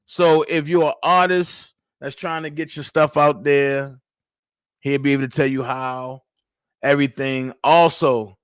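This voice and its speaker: A man hosting a casual livestream, calling out loudly to his viewers in slangy, hyped talk. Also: medium pitch, fairly even intonation, unhurried, clean tone, no room sound. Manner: loud, hyped, slangy call-outs to viewers. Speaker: livestream host.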